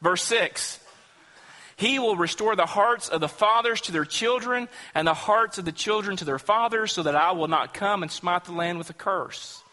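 A man delivers a sermon in an earnest, emphatic way, acting out quotes and putting rhetorical questions to his listeners. His voice sits high and sounds bright and forceful. A long reverb trails behind him, as in a big hall. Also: normal speed. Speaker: pastor.

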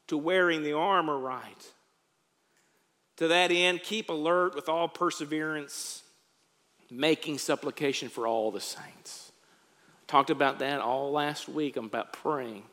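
A man preaching as a pastor, moving from quiet storytelling to rising exhortation. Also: on the high side, big-room sound. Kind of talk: sermon.

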